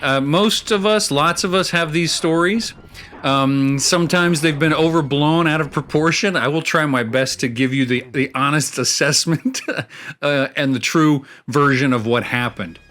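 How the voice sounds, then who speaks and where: A man's voice: on the high side, normal speed, a bit bright. A man hosting a casual show, chatting and rambling through fillers and small chuckles as he plays a video game. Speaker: host. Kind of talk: casual chat while playing a video game.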